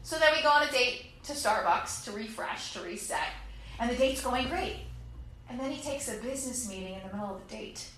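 A woman's voice: fairly high pitch, animated, fairly quick, a bit bright. A woman performing a chatty, self-deprecating stand-up set on a club stage, acting out quotes with laughs. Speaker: stand-up comedian. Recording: echoey club room.

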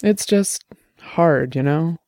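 Man reading jealous sharp-tongued woman, audiobook, mellow voice, dry close sound. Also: fairly high pitch, slow, no room sound. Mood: sad.

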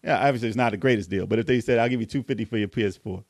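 Fast-talking man in casual chat. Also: fairly low pitch, a little mellow, dry recording, studio quality. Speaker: podcast co-host.

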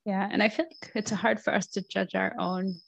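A woman's voice: mid-range voice, fairly even intonation, fairly quick, vocal fry, rough recording. A woman hosting a podcast, talking in a chatty way, saying "like" a lot and laughing easily. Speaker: podcast host. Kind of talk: casual chat.

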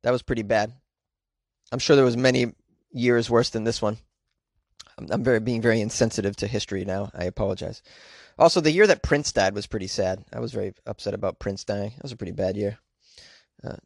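A man's voice: medium pitch, dry recording, clean studio sound. A man hosting a podcast, riffing sarcastically and crudely on news stories and talking back to himself. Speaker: podcast host. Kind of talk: comic news commentary.

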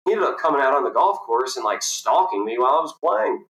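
A young man with a bright, forceful voice tells a golf story in a relaxed interview. He jumps up in pitch to act out the people in his tale. The room around him is roomy and echoey. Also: quick pace. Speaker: professional golfer, guest. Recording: roomy echo.

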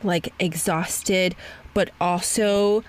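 A woman hosting a podcast in casual conversation, frank and animated, laughing often and swearing lightly. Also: fairly low pitch, very slow. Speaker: podcast host.

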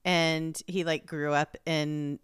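Low-voiced woman, blunt and relaxed. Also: slow pace, clear, resonant tone, no echo, studio quality. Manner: relaxed, blunt, swears casually. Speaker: podcast co-host. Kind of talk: casual chat.

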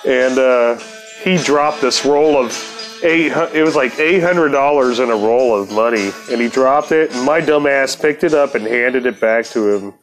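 A man's voice: mid-range voice, moderate pace, soft background music. Laid-back, foul-mouthed male storyteller. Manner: profane, laid-back, laughs often. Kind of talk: casual spoken story.

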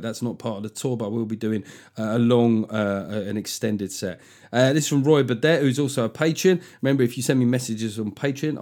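A man's voice: medium pitch, a little mellow. A middle-aged man hosting his own solo podcast, chatting casually and comically, swearing freely and slipping into voices for a joke. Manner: sweary, jokey, throws in voices for effect. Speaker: podcast host.

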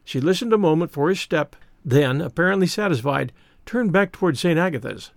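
A man narrating a classic novel in the first person, measured and wry in his delivery. His voice sits slightly high with a very lively, animated pitch, recorded dry and close with no room sound. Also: vocal fry, no room sound. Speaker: audiobook narrator.

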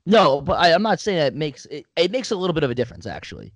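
A young man with a mid-range voice talks fast in easy sports banter, teasing and dry. The sound is close and dead, with no room at all. He keeps the tone casual and conversational. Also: a little high, sing-song, dry recording. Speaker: sports podcast co-host.

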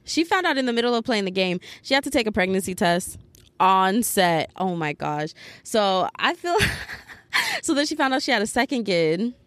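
A woman talking casually as a podcast host, chatty and animated. Her voice sits at an ordinary middle pitch. The sound is dry and close, with no room echo. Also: moderate pace. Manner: chatty, animated storytelling with frequent fillers. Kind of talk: casual chat.

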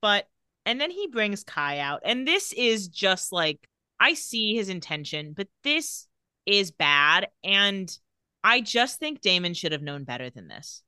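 A woman's voice: medium pitch, a little slow, clear, resonant tone, dry recording, studio quality. A woman co-hosting a podcast, casually retelling a TV episode and acting out its lines. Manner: animated, acts out lines from the show with laughs. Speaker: podcast co-host recapping a TV episode. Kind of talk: casual chat, retelling scenes.

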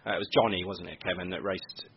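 A man hosting a football podcast in casual chat, chatty and asking questions with quick asides. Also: low-pitched, fairly even intonation. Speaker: podcast host. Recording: dull lo-fi audio with faint noise.

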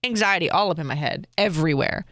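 A woman is telling viewers a personal story, open and expressive as she goes. Her voice is smooth and clear. The recording is dry and close. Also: fairly low pitch, normal speed, dry recording. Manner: candid and expressive, talks straight to viewers. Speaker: vlogger.

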